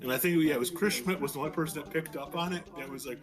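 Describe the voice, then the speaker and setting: A man's voice: fairly high pitch, rapid-fire, a crowd in the background. A man co-hosting a casual podcast who tells loose, profane anecdotes padded with fillers.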